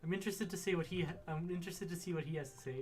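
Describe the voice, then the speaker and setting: High-voiced joking male gamer. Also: steady tone, very fast. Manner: joking, goofy. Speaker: let's play gamer. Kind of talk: casual gameplay commentary.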